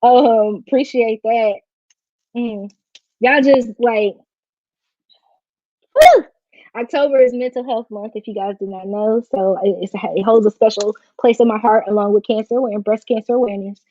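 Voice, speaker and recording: A woman's voice: fairly high pitch, fairly even intonation, normal speed, mellow, dry recording. Emotional woman livestreaming, close to tears. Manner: emotional and heartfelt, slangy and informal. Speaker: livestream host. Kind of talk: casual live-stream chat. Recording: dry, slightly dull lo-fi stream audio.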